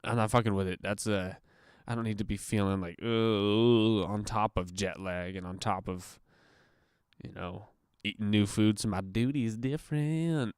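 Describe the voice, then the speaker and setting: A young man hosting a solo podcast from the floor at home, rambling crudely and profanely, self-mocking and laughing at his own jokes while high. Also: fairly even intonation, normal speed, clear, resonant tone, no echo, clean studio sound. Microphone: computer mic.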